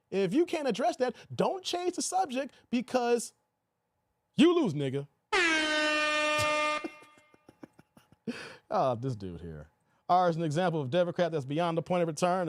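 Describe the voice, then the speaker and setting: Guy with a high voice doing a live stream, talks back to chat, dry mic. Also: dry recording. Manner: animated, talks back to chat, laughs often. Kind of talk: casual live stream commentary.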